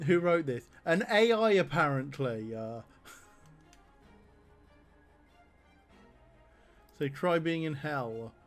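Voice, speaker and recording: A man's voice: on the high side, drawn-out words, pauses often, faint music behind. A man streaming a text adventure game, reading the options aloud and laughing often.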